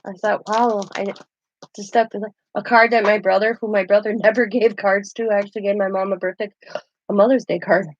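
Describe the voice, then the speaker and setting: A woman's voice: mid-range voice, flat delivery, a little fast, dry recording, muffled recording. A woman, hosting a casual craft vlog and telling rambling stories as she shows keepsakes. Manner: chatty, rambling storytelling with laughs. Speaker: craft channel host. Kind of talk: casual show-and-tell vlog.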